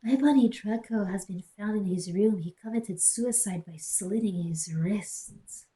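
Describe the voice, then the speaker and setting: A woman voicing a stern old male wizard headmaster who speaks gravely, into a headset mic. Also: mid-range voice, a little slow, warm tone, lightly acted. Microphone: cheap gaming headset.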